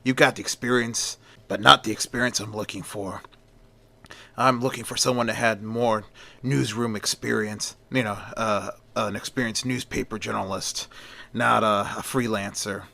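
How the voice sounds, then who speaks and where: A man voicing a gruff, short-tempered older male newspaper editor who barks orders and calls people kid. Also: fairly low pitch, steady tone, moderate pace, bright, forceful tone, exaggerated voice.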